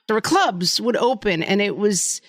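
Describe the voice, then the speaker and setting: A woman in her forties co-hosting a podcast, chatting casually and telling lively stories, jumping up high when she acts out what people said. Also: moderate pace, dry recording. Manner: animated storyteller, acts out quotes in high voices. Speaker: podcast co-host. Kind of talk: casual chat.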